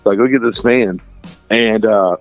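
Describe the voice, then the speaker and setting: A man's voice: lowish voice, normal speed, soft background music. Guy rambling through stories on a radio interview, keeps saying dude, kinda muffled lo-fi audio. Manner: chatty, says "dude" and "like" a lot, laughs between lines. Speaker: interview guest, Christian musician. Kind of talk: casual storytelling.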